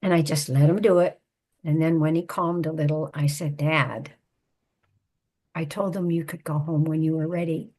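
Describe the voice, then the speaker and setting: An older woman, a psychotherapist and author, telling a personal family story in a measured, reflective way. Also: deep voice, fairly even intonation, darkish tone.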